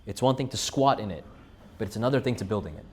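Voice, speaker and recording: A man giving a weekly Torah class, telling stories with emphatic peaks and quiet drops. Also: expressive, fast. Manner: storytelling, rises to emphatic peaks and drops low.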